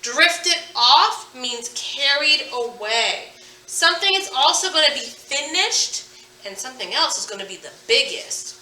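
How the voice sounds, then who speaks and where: A woman, an upbeat elementary teacher, giving a recorded phonics lesson and stretching words out slowly to model their sounds. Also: high-pitched, animated, sharp tone, reverberant, distant mic, poor audio.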